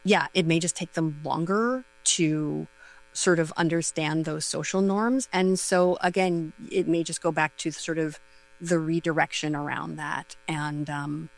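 Woman, middle-aged, educator guest, chatty, frequent fillers, gravelly edge, low-ish pitch. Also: steady tone, unhurried, poor audio. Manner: chatty, lots of fillers, laughing lightly. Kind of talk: casual conversational advice.

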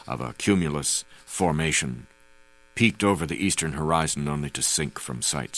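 A man narrates a first-person memoir for an audiobook, his voice sitting very low with a gravelly edge. He reads in a measured, unhurried way. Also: low-quality recording.

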